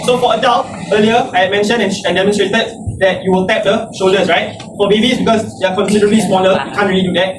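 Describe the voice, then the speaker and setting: Man, CPR instructor, high-pitched, keeps saying okay, counts beats aloud, distant echoey recording. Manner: starts nearly every line with "okay", counts compressions aloud. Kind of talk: hands-on first aid class instruction. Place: indoor training hall. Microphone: far camera. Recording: echoey hall from far off, noisy.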